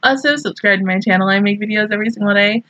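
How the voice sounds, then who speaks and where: A woman's voice: mid-range voice, rapid-fire, a bit bright, no echo, muffled recording. A young woman reacting to an anime episode, swearing, exclaiming and laughing often. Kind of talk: casual reaction commentary.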